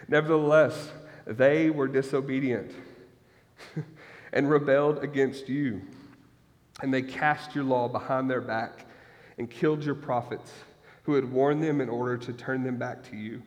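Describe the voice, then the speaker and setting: A man in his thirties preaching a sermon, reading scripture aloud and breaking off into lively, joking asides to the congregation. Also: mid-range voice, measured pace. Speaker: pastor. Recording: long hall reverb.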